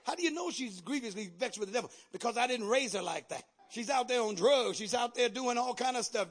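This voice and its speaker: A man's voice: extremely high pitch, vocal fry, fairly bright tone, slightly rough. A man preaching a sermon in call-and-response style, rising into fervent exhortation. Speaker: pastor.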